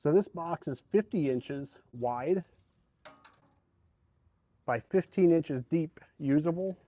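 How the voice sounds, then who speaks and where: A man's voice: fairly high pitch, takes it slowly, no room sound. A man giving a casual, conversational product walkthrough as a salesman, explaining specifications plainly. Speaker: truck bed salesman. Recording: slightly dull, dry recording.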